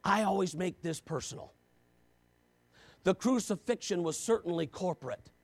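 Gravelly-voiced preacher man, high and dry. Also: moderate pace, no room sound. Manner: swings from quiet, low talk to loud, shouted emphasis; repetitive rhetorical questions. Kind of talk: sermon.

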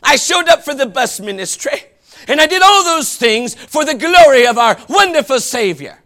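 A man preaching a fervent sermon with folksy asides, often rising to shouts. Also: extremely high pitch, big pitch swings, moderate pace. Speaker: pastor.

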